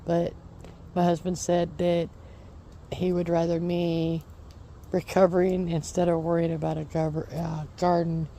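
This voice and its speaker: Woman, slow unhurried delivery, soft dark tone, rambling casual vlog chat, faint outdoor hum. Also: on the low side, flat delivery, creaky. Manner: rambling, repeats reassurances. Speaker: homesteading vlogger.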